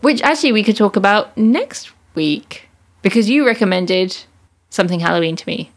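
A woman's voice: medium pitch, animated, normal speed. A woman co-hosting a podcast in casual chat, loose and informal, laughing often. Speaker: podcast co-host.

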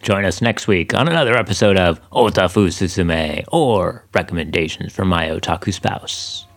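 A man's voice: low voice, normal speed. A man co-hosting a podcast in casual chat, playful and full of jokey asides. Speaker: podcast co-host.

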